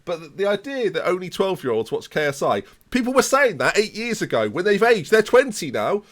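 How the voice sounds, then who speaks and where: A man in his late twenties streams a game live, ranting in theatrical mock outrage as he rambles and repeats himself. His voice sits high and sing-song, moving a little fast.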